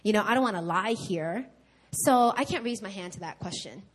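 A woman from New York preaching a sermon at a church service, telling her own story in a candid, animated way with emphatic repetition. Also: mid-range voice, normal speed. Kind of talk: sermon with personal testimony.

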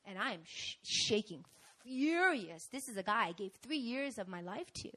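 A woman's voice: a little high, normal speed, hardly any pauses. Dramatic young woman giving a sermon testimony. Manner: dramatic and animated, with sudden swings from hushed to loud.

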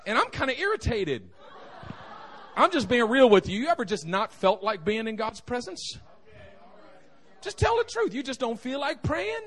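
A man's voice: extremely high pitch, big pitch swings, moderate pace, a bit bright. A young man preaching a humorous sermon in a church, telling stories and joking with the congregation. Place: church sanctuary.

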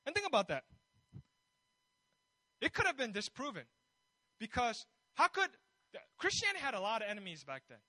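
A man's voice: very high-pitched, wildly swooping pitch, normal speed, pauses often, sharp tone, no room sound, poor audio. A man preaching a sermon in a conversational way, building his points with rhetorical questions and bold emphasis.

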